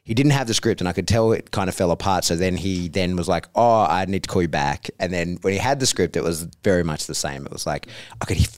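A man in a casual podcast chat who talks haltingly, restarting his sentences and readily agreeing with his host. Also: low voice, no echo.

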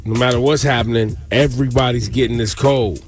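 A man's voice: mid-range voice, fairly even intonation. Male morning radio host, playful slangy delivery over a music bed. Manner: joking, slangy, drawn-out delivery. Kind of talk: casual studio banter.

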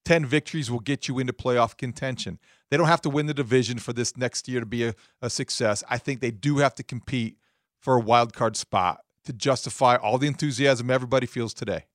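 A male radio co-host breaks down sports in a measured, analytical way. His voice is mid-pitched and sounds dry and close to the mic. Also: no echo.

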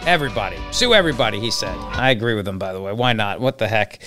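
A man's voice: fairly low pitch, expressive, quick pace, over music. A man hosting a political talk show, commenting sarcastically on played clips with mocking asides. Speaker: political podcast host.

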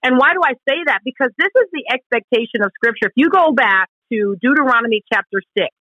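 Woman, Christian radio co-host, earnest, emphatic, bright tone, muffled lo-fi sound. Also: fairly high pitch, expressive, quick pace, no room sound. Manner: earnest, emphatic, acts out quoted questions.

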